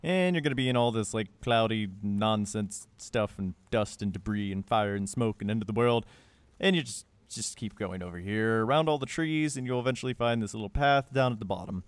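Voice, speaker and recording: Smooth-voiced young man, joking game walkthrough. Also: on the low side, a little fast, no room sound. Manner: joking, sarcastic asides with goofy put-on quotes. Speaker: game guide narrator. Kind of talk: casual walkthrough commentary.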